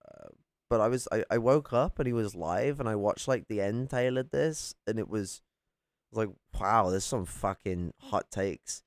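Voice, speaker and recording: A man's voice: fairly low pitch, animated, measured pace, no echo. A man streaming casually, reacting to a clip, rambling with frequent restarts and swearing freely. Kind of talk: casual profane chat.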